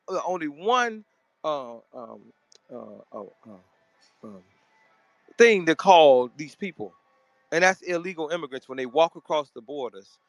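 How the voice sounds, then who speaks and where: Forceful man from Memphis, slightly high voice. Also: no echo. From Memphis, Tennessee. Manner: forceful, repeats words, cuts in to correct others. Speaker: host of a live audio room. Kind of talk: heated live audio discussion.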